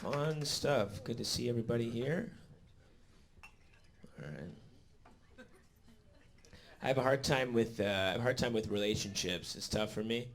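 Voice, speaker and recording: A man's voice: medium pitch, normal speed, long pauses, a faint crowd. A man performing a live stand-up set in a comedy club, rambling with lots of fillers and swearing.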